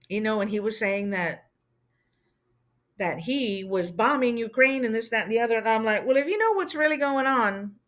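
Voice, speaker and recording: A woman's voice: mid-range voice, a bit bright. A woman giving casual political commentary in a loose, rambling way, often tossing in "you know" and "right?".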